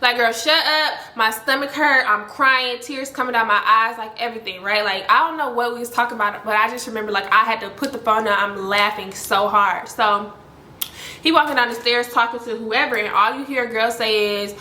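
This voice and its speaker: A young woman telling a story in a casual vlog, animated and full of "like". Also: brisk, reverberant, a little hiss or hum. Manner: animated, heavy use of "like", voices other people with high pitch jumps. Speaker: storytime vlogger.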